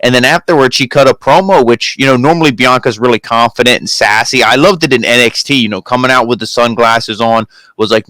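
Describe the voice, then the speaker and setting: A man's voice: medium pitch, brisk, few pauses, fairly bright tone, dry recording. A man co-hosting a review show, chatting casually and rambling with lots of "you know" fillers. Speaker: co-host of a wrestling review show. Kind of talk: casual chat.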